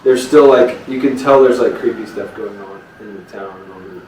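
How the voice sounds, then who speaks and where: A man's voice: lowish voice, normal speed, darkish tone. A man narrating as game master in a casual tabletop session, rambling and full of fillers. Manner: rambling, many fillers and restarts. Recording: roomy, distant, noisy table recording.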